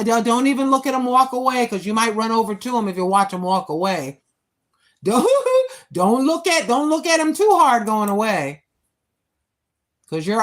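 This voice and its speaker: A woman in her sixties hosts a casual walking livestream from indoors at home, joking around and issuing repeated playful, somewhat preachy warnings to her viewers. Her voice is on the high side, and the audio quality is poor.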